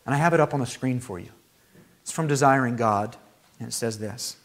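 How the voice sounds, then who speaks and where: A man preaching a sermon as pastor, with animated delivery that climbs to high, emphatic peaks. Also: brisk.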